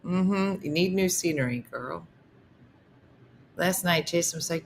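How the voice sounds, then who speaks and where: A woman's voice: lowish voice, measured pace, gravelly, a little hiss or hum. A middle-aged woman hosting a casual livestream chat, talking about her home and reading out viewer comments. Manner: chatty, reads viewer comments aloud. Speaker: host.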